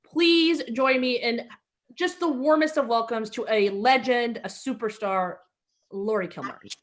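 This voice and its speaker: A woman's voice: fairly high pitch, unhurried, slight background noise. A woman born in Egypt, hosting an online comedy show over a video call, telling rambling stories with many fillers and restarts. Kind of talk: stand-up storytelling between acts.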